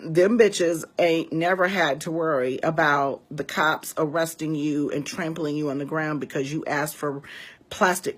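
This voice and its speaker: A woman's voice: sits low, slightly rough. A woman in her forties from Chicago's West Side, telling a story to her viewers in a casual, emphatic and profane way. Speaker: vlogger and priestess.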